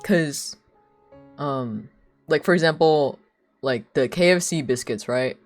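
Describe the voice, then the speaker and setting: A woman's voice: low voice, takes it slowly, soft background music. A young woman streaming live, chatting casually in a rambling, giggly way with lots of filler words. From United States.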